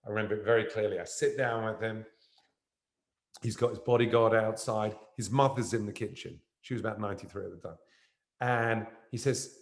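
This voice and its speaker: A man's voice: lowish voice, brisk, gravelly, echoey room. A man, an actor as guest, telling a rambling anecdote on stage that jumps around. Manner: animated, jumps around in the story. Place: university event room.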